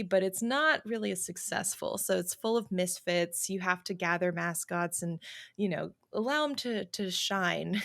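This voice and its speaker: A woman's voice: mid-range voice, fairly bright tone. A woman co-hosting a gaming podcast, chatting casually and enthusiastically. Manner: enthusiastic, laid-back. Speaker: podcast co-host. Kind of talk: casual chat.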